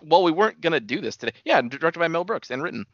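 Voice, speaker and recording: A man's voice: on the high side, very animated, fast talker, a bit bright, no room sound, lo-fi sound. A man co-hosting a podcast, chatting casually about movies in a rambling way and laughing often. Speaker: podcast co-host.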